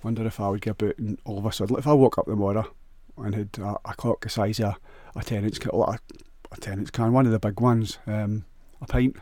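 A man's voice: on the low side, fairly even intonation, fast talker, hardly any pauses, warm tone, no echo. A man with a Scottish accent rambling crudely through a jokey solo monologue, often restarting and stumbling over words.

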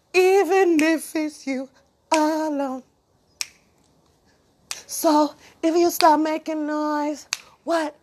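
A woman with a very high voice improvises a half-sung monologue in a slow, drawn-out rhythm. She keeps answering herself with "what?" and "yeah". Her delivery swings from soft murmurs to loud sung bursts, with a faint hiss behind her.

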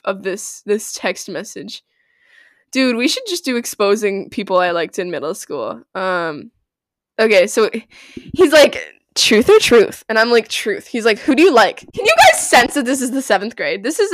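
A young woman hosting a casual solo podcast, rambling and giggly, breaking into squeals and yells. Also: medium pitch, very animated, normal speed, no echo. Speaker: podcast host.

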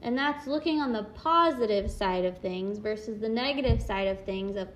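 A woman's voice: medium pitch, normal speed, hardly any pauses, slight background noise. A young adult woman speaking candidly and reflectively as a parent, in a casual monologue full of "like" fillers. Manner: candid, self-reflective, chatty with many "like" fillers.

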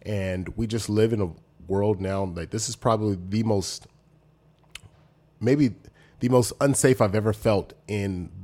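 40s guy, ex football player, low voice, tells stories animated, does the voices. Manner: animated, acts out quoted voices with big pitch jumps. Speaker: former pro football player, podcast guest. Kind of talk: casual storytelling chat.

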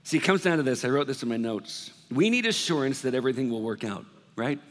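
A man preaching a sermon as pastor, talking in a conversational, animated way and acting out worried voices. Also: mid-range voice, fast. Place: church hall. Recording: long reverb of a large hall.

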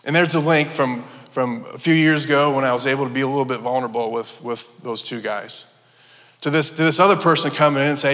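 Man, personal testimony, earnest, halting restarts, church hall, long reverb. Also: mid-range voice, a bit bright. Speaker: church member giving testimony. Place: church sanctuary.

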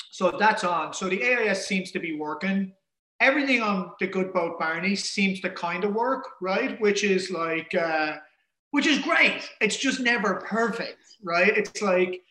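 A man casually telling a story in an animated way, acting out the things people said. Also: sits high. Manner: animated, acts out quoted dialogue. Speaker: guest telling an ocean rowing story. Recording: roomy echo.

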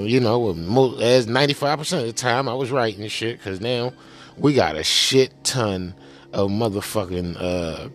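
A man hosting his political commentary show in a casual, profane rant, full of slang and "you know what I'm saying" tags. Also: lowish voice.

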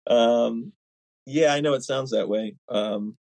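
A man in casual conversation, telling stories in an animated way, with lots of fillers and restarts. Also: medium pitch, slow pace, creaky, dry recording, low-quality recording. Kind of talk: casual chat.

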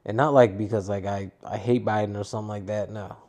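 A young adult man talks alone into his podcast mic, rambling and swearing with a tired, downbeat edge. His voice is mellow and warm, never bright. He drifts loosely from one gripe to the next. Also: fairly low pitch, steady tone, quick pace. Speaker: podcast host. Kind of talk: casual solo podcast rant.

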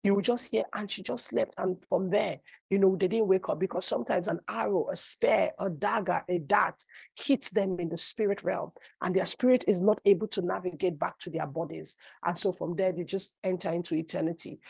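A woman's voice: fairly low pitch, creaky, slightly rough, dry recording. A middle-aged woman preacher, giving a sermon full of personal testimony, telling stories animatedly and rising to cries. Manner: animated storytelling that rises to cries. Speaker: apostle, preacher.

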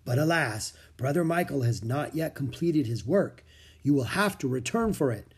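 Calm formal monk for a storybook, voiced by a man, husky, expressive. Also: mid-range voice, normal speed. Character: calm, welcoming grown male monk. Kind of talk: storybook reading.

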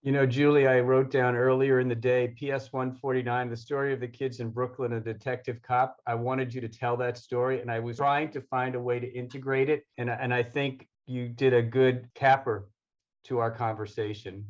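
A man's voice: medium pitch, flat delivery. Earnest man on a dull, lo-fi recording. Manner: earnest, halting, repeats words. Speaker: host. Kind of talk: closing remarks in a conversation.

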